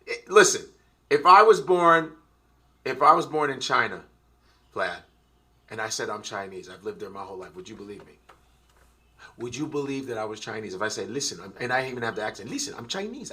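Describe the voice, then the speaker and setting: A man who is a comedian, ranting emphatically in a profane, animated way and slipping into voices. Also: mid-range voice, fairly quick, long pauses. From United States. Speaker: comedian guest. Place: played clip of an interview show.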